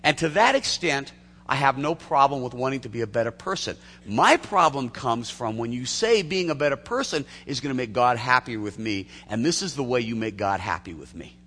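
Animated male preacher in a reverberant hall. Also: mid-range voice, a little fast. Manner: animated storytelling with frequent restarts and laughs. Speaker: pastor. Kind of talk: sermon.

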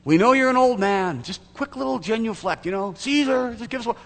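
Un uomo che fa un funzionario romano adulatorio. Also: male voice, animated, a little fast, fairly bright tone, heavily acted. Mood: wheedling. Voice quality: high, wheedling, coaxing. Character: pleading Roman officials coaxing an old man. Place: church sanctuary. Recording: echoey hall, faint hum.

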